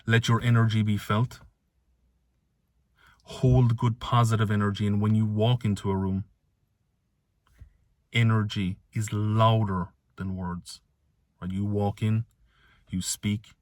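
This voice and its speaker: A man giving an energetic motivational rant to camera as an online business vlogger, repeating his points for emphasis and swearing casually. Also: fairly low pitch, no room sound.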